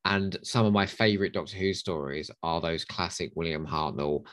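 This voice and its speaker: Brief: male podcast host, very low voice, dry close sound, measured and opinionated. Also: fairly even intonation, fairly bright tone, dry recording. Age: older than his co-host. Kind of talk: casual podcast chat.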